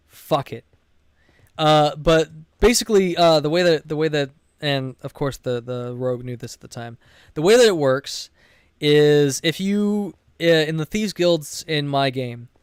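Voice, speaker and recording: A man streaming a game while retelling a tabletop session he ran, rambling, swearing freely and breaking off mid-sentence. His voice sits a little high and comes through smooth and clear. The sound is close and dry. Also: unhurried, dry recording. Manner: rambling, profane, self-interrupting. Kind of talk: casual storytelling while gaming.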